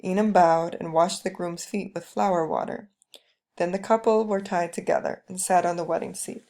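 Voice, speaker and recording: A woman reads a first-person story aloud in a calm, steady way. Her voice is mellow and dark, with a gravelly texture. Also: lowish voice, moderate pace. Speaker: reader. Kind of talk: storybook reading.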